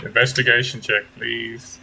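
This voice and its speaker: A man's voice: mid-range voice, level tone, moderate pace, vocal fry, sharp tone, husky, rough recording. A man running a tabletop game as game master, rambling and hunting for words with playful made-up terms.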